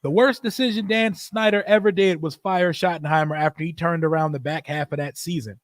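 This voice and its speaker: A man hosting a casual football watch-party stream, talking in an animated, profane way and laughing often. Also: a little high, fairly quick, no echo, clean studio sound. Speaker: livestream host.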